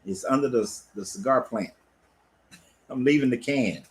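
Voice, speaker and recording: A man's voice: mid-range voice, measured pace, low-quality recording. A man, a life coach and cigar lounge owner, talking casually and profanely on a livestream from his lounge. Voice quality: laid-back, profane, animated storytelling.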